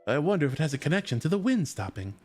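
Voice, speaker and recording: A man's voice: fairly high pitch, big pitch swings, racing, darkish tone, soft background music, pitched above the performer's own voice. A man voicing a polite young princess from a video game, speaking in an earnest, courteous way.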